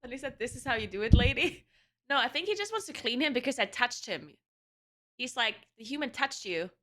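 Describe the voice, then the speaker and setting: A woman's voice: on the high side, lively intonation, fairly quick, sharp tone. A woman streaming live from home with her cats, chatting casually with her viewers and laughing often between remarks.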